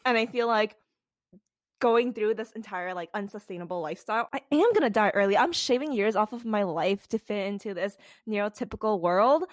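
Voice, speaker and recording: A woman in her twenties co-hosting a casual podcast, lively and blunt, acting out what people say with big jumps in her voice. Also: a little fast, dry recording. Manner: animated, acts out quoted people with big pitch jumps, swears freely. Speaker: podcast co-host. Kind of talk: candid casual podcast chat.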